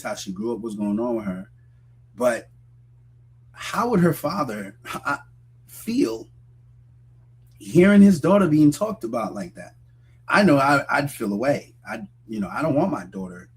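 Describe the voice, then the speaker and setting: A male host giving measured, moralizing commentary that speaks straight to his listeners. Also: medium pitch, slightly rough. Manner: measured, moralizing, direct address.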